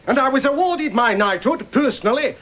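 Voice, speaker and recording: Picture a blunt, bombastic Yorkshire tycoon in a TV sitcom. He talks high and lively, swinging his pitch as he boasts. His manner is plain-spoken and pompous. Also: a little fast, slight background noise. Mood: blustering. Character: blunt boastful self-made millionaire knight. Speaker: hospital benefactor. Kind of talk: 1980s sitcom acting.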